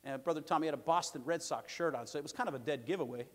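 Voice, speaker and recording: Middle-aged man, pastor, sermon, fairly high voice, long church hall reverb. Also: rapid-fire. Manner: lively storytelling with joking asides and calls for amen. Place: large church sanctuary.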